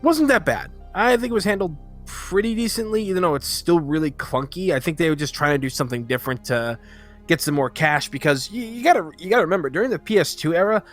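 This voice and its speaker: A man's voice: fairly high pitch, lively intonation, quick pace, faint music behind. A man co-hosting a podcast in casual chat, rambling through his points. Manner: rambling, with many fillers and restarts. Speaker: podcast co-host.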